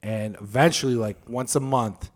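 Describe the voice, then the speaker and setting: A man hosting a podcast, retelling history in crude, slangy, animated casual chat. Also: mid-range voice, moderate pace. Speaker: podcast host.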